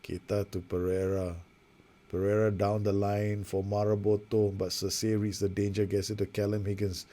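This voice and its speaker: Low-voiced man calling a management game. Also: flat delivery, normal speed, dark tone. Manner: rambling, self-mocking, narrates passes play by play. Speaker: gaming video host. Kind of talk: casual live commentary over a football management game.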